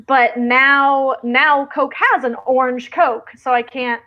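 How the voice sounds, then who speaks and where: A woman's voice: high voice, fairly even intonation, slow pace. Chatty woman streamer, lo-fi sound. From American Midwest. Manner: chatty, reads viewer comments aloud. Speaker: livestream host. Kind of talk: casual livestream chat.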